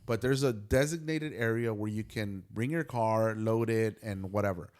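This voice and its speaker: A young adult man co-hosting a podcast speaks at a moderate pace in a lowish voice. He gives an animated, casual retelling of a day at work, acting out every quoted exchange.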